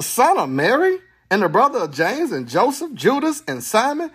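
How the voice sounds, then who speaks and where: A man preaching a sermon to a live congregation, animated and playful, mixing slang and laughter into his teaching. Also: sits high, normal speed, breathy edge. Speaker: pastor. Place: church sanctuary with congregation.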